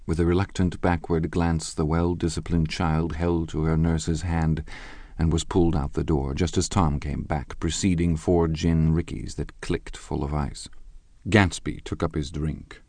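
A man reads a novel aloud in a measured, even way. His voice is very low and gravelly with a lot of fry. The sound is dry and close, with no room around it. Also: no echo. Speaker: audiobook narrator. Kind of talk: scripted literary narration.

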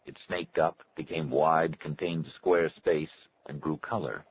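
A man with a very low, deep voice reads a story aloud in a measured, unhurried way. The recording is a little dull, with a faint hiss behind him. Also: steady tone. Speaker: audiobook narrator. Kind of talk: scripted narration.

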